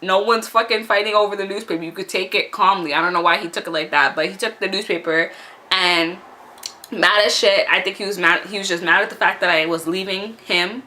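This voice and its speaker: A woman in her twenties telling a casual storytime, animated and profane, laughing often. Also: mid-range voice, brisk.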